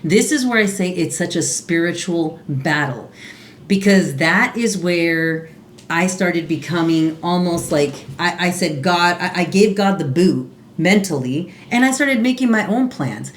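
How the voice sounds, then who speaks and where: A woman's voice: fairly low pitch, expressive, unhurried, slight background noise. A woman co-hosting a podcast, telling her own story in an earnest, confessional way with many restarts. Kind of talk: casual podcast conversation. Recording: roomy echo.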